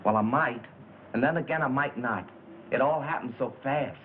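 A man's voice: mid-range voice, normal speed, natural voice. An actor playing a chatty young bellhop full of slang, eager to tell what he saw. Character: gossipy young hotel bellhop. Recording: tinny old film soundtrack with hiss.

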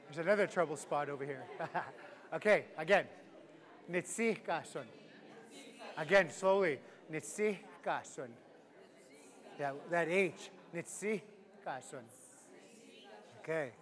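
Playful high-voiced man teaching a class. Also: slow, long pauses, fairly bright tone, some chatter behind. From Canada. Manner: playful, laughing, drilling phrases for repetition. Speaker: Cree language teacher. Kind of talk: live language class. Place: large hall with a live class. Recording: echoey hall, live class.

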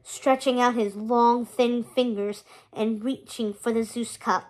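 Expressive woman reader for a children's chapter book, high voice. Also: measured pace. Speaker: storybook reader.

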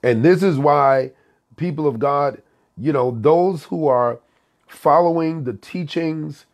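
A man's voice: a little high, takes it slowly. A man, a senior pastor, talking casually to viewers on a live stream, greeting them by name and repeating his phrases with fervent conviction.

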